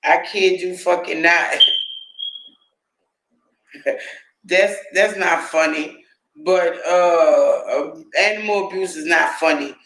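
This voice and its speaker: A man's voice: on the high side, takes it slowly, pauses often, a bit bright, echoey room, slight background noise, rough recording. A man hosting a livestream, giving casual, profane commentary, often laughing and talking to his chat. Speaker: livestream host.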